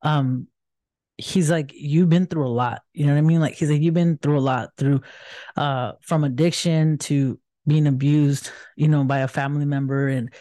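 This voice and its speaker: A tired woman co-hosting a podcast, talking in a relaxed way and often asking "you know what I mean". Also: low voice, normal speed, dry recording, clean studio sound. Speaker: podcast co-host. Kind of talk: casual chat.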